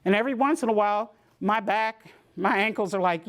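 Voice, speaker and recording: A woman, giving a community health talk and telling lively personal stories, acting out the voices of the people in them. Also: medium pitch, brisk. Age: 60s. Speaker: presenter.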